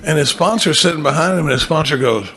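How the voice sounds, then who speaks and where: A man's voice: a little high, fast talker, pushed and bright. A middle-aged man speaking at a recovery meeting, telling stories with quoted dialogue and laughing often.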